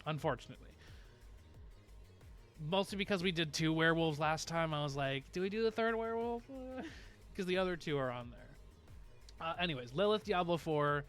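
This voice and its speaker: A man's voice: on the high side, lively intonation, normal speed, long pauses, fairly bright tone, soft background music. A man streaming live, chatting casually and rambling to his viewers with frequent laughs.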